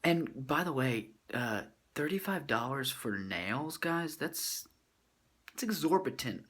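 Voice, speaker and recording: A man's voice: mid-range voice, lively intonation, slow pace, fairly bright tone, breathy edge. A man venting in a comedic vlog, mock-serious and dramatic with inflated vocabulary. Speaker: vlogger.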